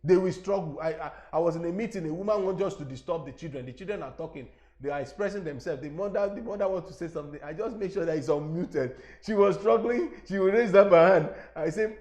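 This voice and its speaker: A middle-aged man with a Nigerian accent, teaching a webinar on a lapel mic, animated and repeating himself as he talks straight to his listeners. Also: on the high side, quick pace.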